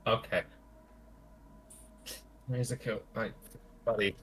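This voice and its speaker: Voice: mid-range voice, steady tone, slow, a bit bright. A person running a tabletop game as game master, narrating and laughing often.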